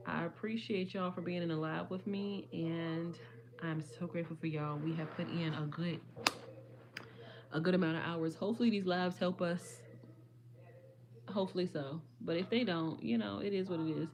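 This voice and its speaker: A young woman, chatting casually with viewers on a livestream, her voice a little hoarse. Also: on the low side, a little mellow, slight background noise. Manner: chatty, addresses viewers as y'all. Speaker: livestream host.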